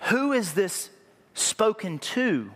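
A man preaching a sermon, lively and joking, with a habit of repeating key phrases. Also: high-pitched, slow pace. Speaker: pastor. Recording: reverberant hall.

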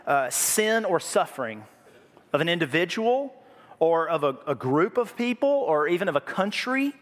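A man preaching a sermon, lively and joking, with a habit of repeating key phrases. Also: a little high. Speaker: pastor. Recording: reverberant hall.

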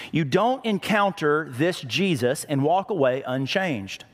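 A man's voice: on the high side, expressive, a little slow, few pauses, big-room sound. A man preaching a conversational sermon as pastor, often repeating words for emphasis.

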